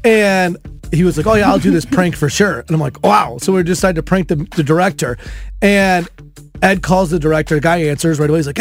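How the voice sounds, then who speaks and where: A high-voiced man hosts a radio show from a studio, with soft music under his voice. He tells stories quickly and with animation, in loose, casual banter with his co-hosts.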